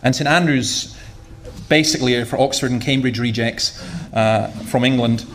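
A man's voice: medium pitch, normal speed, fairly bright tone. A man preaching a sermon in a conversational, humorous way, often repeating words as he goes.

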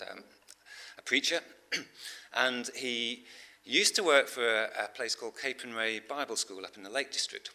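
A middle-aged man preaching a sermon in a conversational storytelling way, with fillers and frequent throat-clearing. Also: on the low side, sharp tone.

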